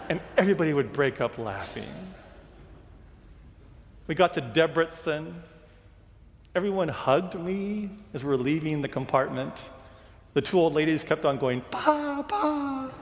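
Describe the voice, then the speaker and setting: A man's voice: fairly high pitch, long reverb tail. A male pastor giving a sermon, telling a personal travel story and acting out the reactions of the people in it. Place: church sanctuary.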